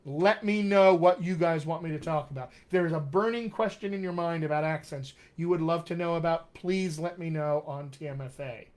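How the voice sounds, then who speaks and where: A man hosts a relaxed live stream, answering viewers' comments in a cheerful, encouraging way. His voice sits slightly higher than most men's. He sounds like a friendly coach in casual conversation. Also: fairly quick, few pauses. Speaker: dialect coach hosting a live Q&A.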